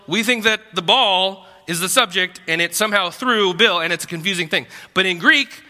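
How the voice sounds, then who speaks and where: A man's voice: sits high, normal speed, hardly any pauses, bright, forceful tone. Man, pastor, sermon, conversational asides, reverberant church hall. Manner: conversational preaching with asides and repetitions.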